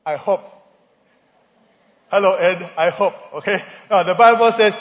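A man's voice: high-pitched, lively intonation, normal speed. A man preaching a sermon as pastor, asking the congregation questions and having them answer back. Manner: call-and-response preaching, asks the congregation questions. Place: church hall. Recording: dull lo-fi recording in a reverberant church hall.

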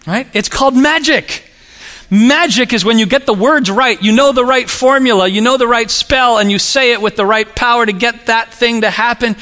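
A man preaching a sermon, telling stories in an animated, humorous way. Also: high-pitched. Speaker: pastor. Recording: long reverb of a large hall.

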